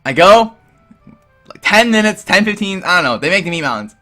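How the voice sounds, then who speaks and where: Bright-voiced young man telling a rambling story. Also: high-pitched, a little fast, soft background music. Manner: animated and rambling, full of "like" and "dude". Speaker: vlogger. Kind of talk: casual storytelling.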